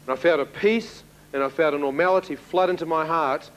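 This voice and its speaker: A man giving a spoken testimony to an audience, telling his story in an animated way and acting out the dialogue. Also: a little high, brisk, low-quality recording. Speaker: speaker giving a personal testimony.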